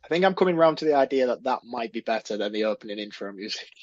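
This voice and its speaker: A man co-hosting a casual podcast, easygoing and quick with a dry joke. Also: mid-range voice, expressive, music in the background. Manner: easygoing, laughs along, wry asides. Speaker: podcast co-host. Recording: dull, dry sound.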